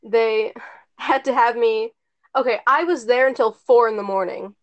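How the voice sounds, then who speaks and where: A teenage girl with a somewhat high voice chats through a story, stringing thoughts together with lots of "like" and the odd curse. The recording sounds dull and lo-fi. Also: normal speed. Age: teens. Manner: rambling, lots of "like", casual swearing. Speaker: storyteller among friends. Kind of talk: casual chat.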